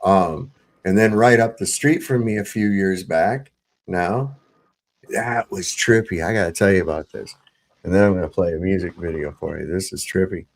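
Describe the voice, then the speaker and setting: Gravelly low-voiced man telling a story. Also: normal speed. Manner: profane, rambling, with many fillers and restarts. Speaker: host of a live-stream panel show. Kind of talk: casual storytelling to a live panel.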